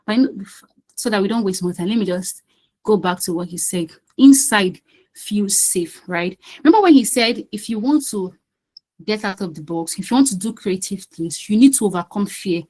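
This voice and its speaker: A woman's voice: mid-range voice, animated, moderate pace, warm tone, rough recording. A woman hosting an online quiz session on a video call, chatty and coaxing, often repeating herself. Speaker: quiz host and session facilitator.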